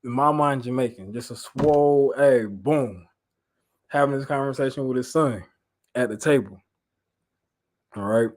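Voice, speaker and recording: A man, leading an informal Bible study, animated and repeating phrases for emphasis. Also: mid-range voice, unhurried, pauses often. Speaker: Bible teacher.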